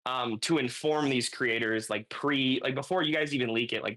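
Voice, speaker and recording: A man's voice: medium pitch, normal speed, hardly any pauses, pushed and bright. A man asking the panel a long question, rambling with lots of fillers. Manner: rambling with many likes. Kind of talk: casual question.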